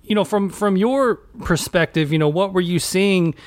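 A man's voice: high-pitched, moderate pace, dry recording. Man host asking rambling questions. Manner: long rambling questions with many fillers. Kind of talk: podcast interview.

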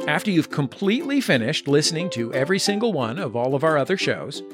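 Man, comic promo read, deadpan and lively in pitch, over guitar music. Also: fast talker. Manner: mock-grand, dry deadpan delivery. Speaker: podcast network founder. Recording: music under the voice.

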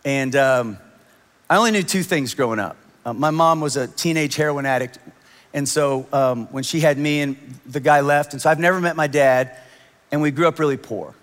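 A man in his thirties delivers a sermon in a large church hall, and his voice rings out with a long, lingering reverb. His voice sits a touch high for a man. He tells his story in an animated way, lifting his voice to act out the people he quotes. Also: moderate pace. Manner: animated storytelling, quoting others in raised voices. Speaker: pastor.

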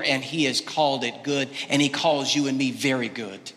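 A male pastor preaching a sermon, swinging between loud, emphatic exclamations and quiet, hushed lines. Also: medium pitch, normal speed, few pauses, in a large hall. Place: church sanctuary.

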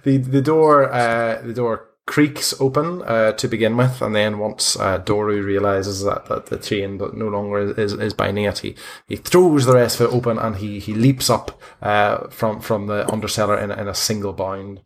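A man's voice: on the low side, fairly even intonation, normal speed, hardly any pauses. A man narrating a tabletop game as game master, with frequent hesitations. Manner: hesitant, many fillers and restarts.

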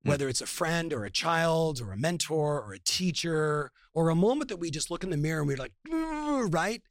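Man, late thirties, animated storyteller, motivational talk, raised pitch, dry close mic. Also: fairly quick, no echo. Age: 30s. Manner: animated storyteller, acts out dialogue. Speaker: podcast guest.

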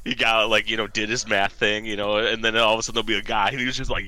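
A man with a low, bright and forceful voice, joking in relaxed conversation. He swears freely. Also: a little fast. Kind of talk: casual chat.

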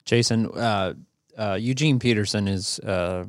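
A man co-hosting a podcast, telling a story in a relaxed, rambling way with a gravelly voice. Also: fairly low pitch, a little slow, no echo, studio quality. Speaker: podcast co-host. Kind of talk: casual chat, storytelling.

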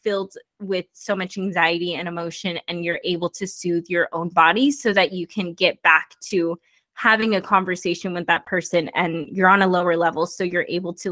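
A woman's voice: on the low side, fairly bright tone, dry recording. A young woman co-hosting a podcast, talking casually with many fillers and laughing along. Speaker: podcast co-host. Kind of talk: casual chat.

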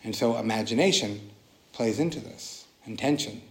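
A man's voice: fairly low pitch, normal speed. A man leading a casual, earnest dharma talk as a meditation teacher, often restarting his sentences. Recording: roomy echoing hall.

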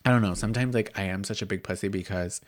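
This podcast host is a young man who talks fast in a fairly low voice, recorded with clean studio sound and no echo. The chat is candid and casual; he gushes, stays expressive, and sometimes slips into whispering.

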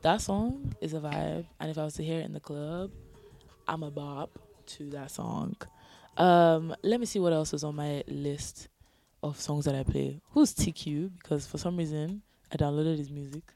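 A woman co-hosting a podcast in casual chat, laid-back and often trailing off into quiet mumbles. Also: low-pitched, moderate pace, creaky, no room sound. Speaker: podcast co-host.

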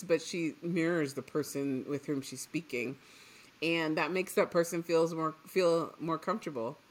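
A woman from Trinidad, chatting casually as a podcast co-host, telling stories and acting out what she once said. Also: low voice. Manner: animated storyteller, acts out her own past lines, quick asides. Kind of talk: casual chat.

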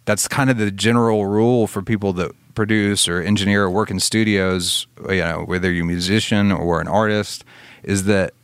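A man's voice: fairly low pitch, steady tone, normal speed, clean tone, dry recording. A man from Alabama, a co-host in casual chat who rambles, swears casually and trails off mid-thought. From Alabama, US Southern. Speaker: podcast co-host, studio producer.

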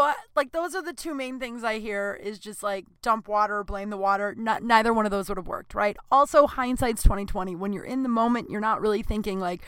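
A woman's voice: medium pitch, a bit bright, dry recording. A young woman comedian hosting her podcast, telling a crude, self-mocking story in casual chat, full of fillers. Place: home room, recording on a computer.

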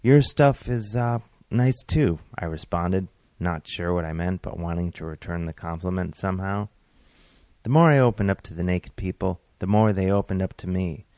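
Here a man who writes and performs comedy reads his comic story in a wry, deadpan manner, now and then exasperated. The voice is low-pitched, the pacing normal, the sound dry.

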